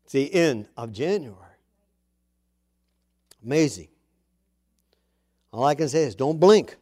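A man's voice: mid-range voice, expressive, unhurried, darkish tone. A man preaching a sermon to his congregation in a conversational way, with chatty asides and emphatic repeats of key words. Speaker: pastor.

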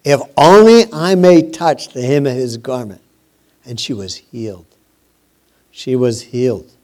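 A man preaching a sermon, slow and emphatic, repeating phrases and letting his voice drop at the ends of lines. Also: mid-range voice, darkish tone.

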